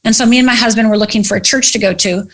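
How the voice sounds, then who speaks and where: Animated woman guest, slightly high voice, candid storytelling with acted-out quotes. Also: rapid-fire.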